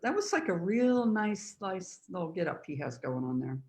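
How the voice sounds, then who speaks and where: A woman's voice: on the low side, sing-song, normal speed, darkish tone, reverberant. A woman co-hosting a casual chat show over a video call, chatting in an easygoing way. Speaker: co-host.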